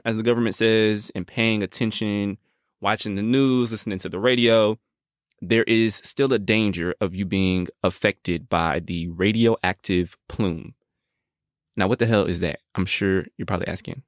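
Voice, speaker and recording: A man's voice: on the low side, moderate pace, dry recording, clean studio sound. Laid-back, joking man podcaster. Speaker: podcast co-host. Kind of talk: casual podcast chat.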